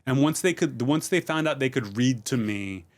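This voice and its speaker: Relaxed rambling middle-aged man. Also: mid-range voice, moderate pace. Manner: relaxed, rambling storytelling with many fillers. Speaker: comedian guest. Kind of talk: casual podcast chat.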